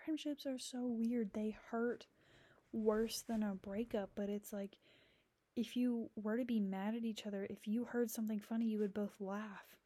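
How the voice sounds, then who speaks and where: A woman's voice: a little high, fairly even intonation, normal speed, dark tone. A young adult woman hosting a podcast, talking through friendships in a rambling, candid way, with lots of fillers and blunt swearing. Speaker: podcast host. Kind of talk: candid casual monologue.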